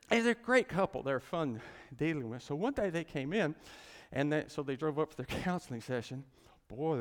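Male pastor, folksy storyteller, animated delivery, long hall echo. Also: medium pitch. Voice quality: animated, folksy, acts out the people in his stories. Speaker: pastor and marriage counselor. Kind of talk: storytelling sermon.

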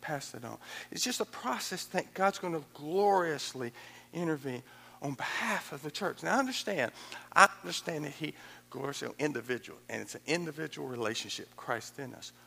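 A man preaching a sermon as pastor, animated and conversational, acting out quoted voices with chuckles. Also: a little high, moderate pace, vocal fry. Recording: echoey hall with long reverb.

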